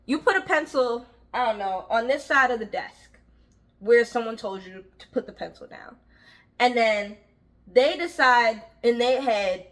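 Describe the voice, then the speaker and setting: A young woman casually telling a story from her job, animated and frank, acting out the voices of the people in it. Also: a little high, normal speed. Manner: frank, uses slang and swearing. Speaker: vlogger telling a work story.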